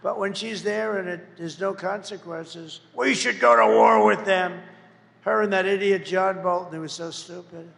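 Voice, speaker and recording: Gravelly man booming through a rally hall. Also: moderate pace, a bit bright. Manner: boastful, rambling, mocking. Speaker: political candidate. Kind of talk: campaign rally speech. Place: large rally venue. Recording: echoey hall, faint background noise.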